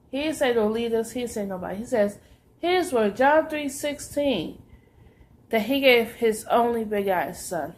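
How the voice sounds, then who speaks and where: A woman giving a religious exhortation to believers, emphatic and halting, repeating phrases for stress. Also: fairly high pitch. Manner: halting, restarts often. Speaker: preacher.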